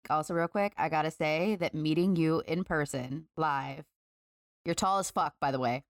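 A woman's voice: deep voice, moderate pace, no room sound, clean studio sound. A woman co-hosting a podcast in casual chat, upbeat and chatty with many fillers. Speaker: podcast co-host.

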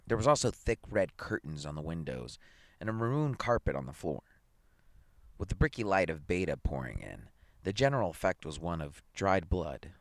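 A man reads a story aloud in an expressive storytelling manner. His voice is very low but moves a lot in pitch. The sound is dry and close. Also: normal speed, dry recording. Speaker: reader. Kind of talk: reading a short story aloud.

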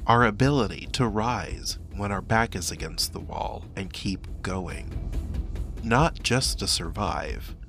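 A man narrating a scripted video essay in a measured, earnest and reflective way. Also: lowish voice. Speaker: commentator. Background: faint background music.

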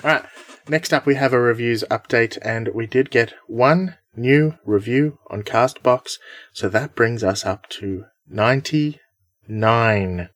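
A man's voice: mid-range voice, takes it slowly, a bit bright, no echo. A man hosting a podcast in casual chat, upbeat and chatty, laughing often. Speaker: podcast host.

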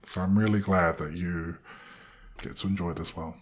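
A man's voice: low voice, steady tone, moderate pace, soft background music. A young man in his twenties tells a personal story in a wandering, self-deprecating way, acting out the voices of the people in it.

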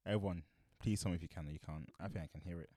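Young man, South London accent, low voice, dry close mic, slangy banter. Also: fairly even intonation, rapid-fire, warm tone, no room sound. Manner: laid-back slangy banter, laughs often. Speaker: podcast co-host. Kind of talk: casual chat.

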